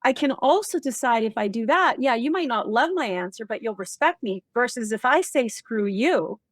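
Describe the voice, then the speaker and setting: A woman speaking as a guest expert in a casual interview, animated and emphatic, acting out bits of office dialogue. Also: a little high, a little fast, no echo, clean studio sound.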